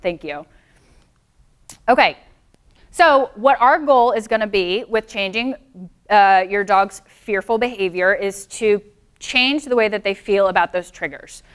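A woman with a smooth, resonant voice leads a seminar on dog behavior. She explains things patiently and picks up on comments from the audience. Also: mid-range voice. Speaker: dog trainer. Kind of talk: presenting a live seminar.

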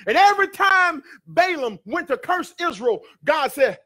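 Male pastor, high-pitched voice, sermon in a church with call-and-response. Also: very animated, takes it slowly. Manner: preaching with call-and-response, building to shouts. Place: church sanctuary.

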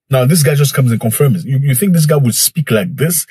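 A man's voice: mid-range voice, lively intonation, brisk, warm tone, breathy edge, no echo. A man giving emphatic reaction commentary, repeating phrases for effect as he addresses his viewers. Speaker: commentator reacting to a news clip. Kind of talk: direct-to-camera commentary.

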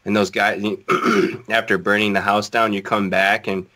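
A man co-hosting a casual gaming podcast, speaking hesitantly with pauses. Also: lowish voice, level tone, pushed and bright. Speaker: podcast co-host. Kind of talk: casual chat.

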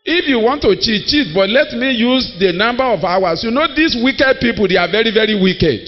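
A man's voice: high voice, expressive, normal speed. A man preaching a sermon, emphatic and storytelling, acting out the people in his stories. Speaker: pastor. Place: church hall. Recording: dull audio in a long-reverb hall.

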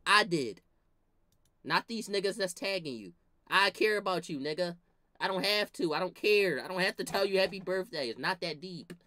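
A young man tells a story as a loose, profane comedic rant, full of slang and laughing at his own jokes. His voice is bright and forceful. The sound is dry and close. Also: high voice, expressive, normal speed, dry recording. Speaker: vlogger.

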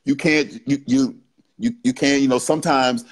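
A man's voice: mid-range voice, fairly even intonation, moderate pace. A man speaking as a guest on a podcast, explaining casually in short bursts and often tagging his lines with "right?". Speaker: guest BDSM educator. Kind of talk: casual podcast interview talk.

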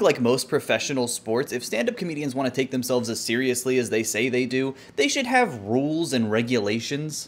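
A man giving sarcastic, incredulous reaction commentary on comedy clips. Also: fairly high pitch. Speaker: YouTube commentator.

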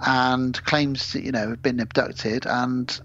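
A man's voice: medium pitch, flat delivery, slow, a bit bright, lo-fi sound. A man, rambling casually and swearing now and then as he recaps a film on a podcast. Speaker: podcast co-host.

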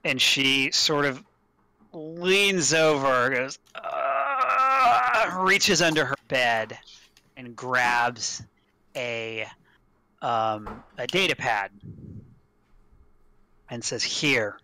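Slow, matter-of-fact male game master. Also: mid-range voice, sharp tone. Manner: unhurried, matter-of-fact narration. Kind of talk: narrating a tabletop game.

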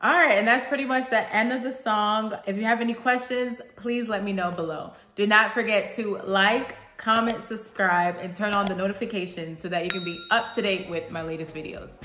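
A woman's voice: medium pitch, steady tone, a little fast, few pauses, roomy sound, over music. A woman casually explaining song lyrics to her channel's viewers, chatty and thinking aloud as she goes.

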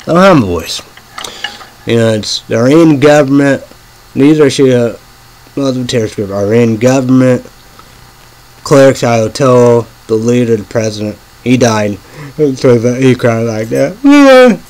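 A man rambling in a halting monologue, full of fillers, dropping to a murmur and then bursting out loud and swearing. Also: medium pitch, animated, poor audio. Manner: swings from murmuring to sudden loud outbursts. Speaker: vlogger.

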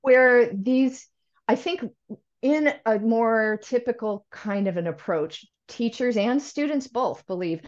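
A woman's voice: a little high, unhurried, a little mellow, muffled recording. A woman guest in an interview, explaining language learning in a thoughtful way, often correcting herself and acting out learner questions. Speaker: language education expert guest.

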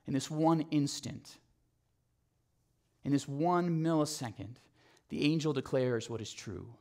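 A man with a slightly higher voice preaches at a normal speed, telling his story in a lively, animated way and acting out the quotes. On the phrases that matter he drops into quiet, low emphasis, and his delivery flows like a pastor's sermon.

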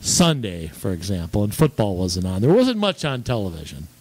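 A middle-aged man from Minnesota co-hosting a casual chat, telling animated stories and often repeating words as he starts a sentence. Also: lowish voice, normal speed, dry recording. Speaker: podcast co-host.

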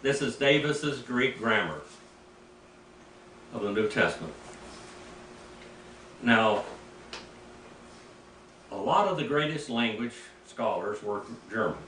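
An older man, a preacher, teaching Greek in a rambling, anecdotal way, clearing his throat now and then. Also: medium pitch, lively intonation, slow, pauses often, a bit bright. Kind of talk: informal teaching sermon. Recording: echoey room, mic at a distance, faint background noise.

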